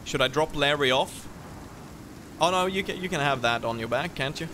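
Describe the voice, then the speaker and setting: A man's voice: a little high, normal speed, bright, forceful tone, slight background noise. A man hosting a gaming video, chatting playfully and teasing his co-player. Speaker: gaming channel host. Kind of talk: casual gameplay chat.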